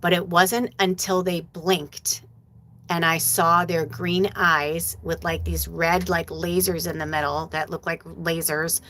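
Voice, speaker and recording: A woman's voice: fairly low pitch, flat delivery, takes it slowly, fairly bright tone, a little hiss or hum. Chatty, swearing woman in her forties. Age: 40s. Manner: chatty, swears freely, many fillers. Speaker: spiritual medium hosting a live stream. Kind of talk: casual storytelling to viewers.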